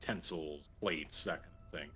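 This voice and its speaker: A man's voice: very deep voice, moderate pace, bright, forceful tone, faint music behind. A man narrating as game master of a tabletop game, describing the scene loosely with fillers.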